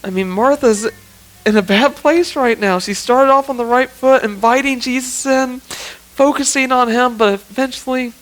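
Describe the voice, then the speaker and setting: In a church sanctuary, a man preaches in a high-pitched, slightly bright voice, the audio poor. This pastor's sermon is earnest yet conversational, peppered with "I mean" and "you know what."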